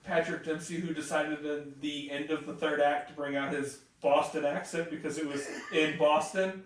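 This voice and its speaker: A man's voice: fairly high pitch, steady tone. Wisecracking man, distant and echoey. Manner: dry wisecracks, quick mocking impressions. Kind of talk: casual podcast chat. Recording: roomy echo, far from the mic.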